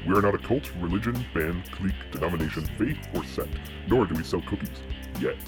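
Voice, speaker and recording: A deep-voiced man delivers a show's opening in a grand, ceremonial tone. His scripted words roll out with mock solemnity, while clear guitar music plays behind him. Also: fairly quick. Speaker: show intro announcer.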